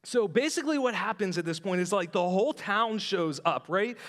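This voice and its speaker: A man with a rather high voice preaches in a church in a relaxed, conversational way. He retells a story with animated asides and speaks straight to the congregation. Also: brisk. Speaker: pastor. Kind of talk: sermon. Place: church sanctuary.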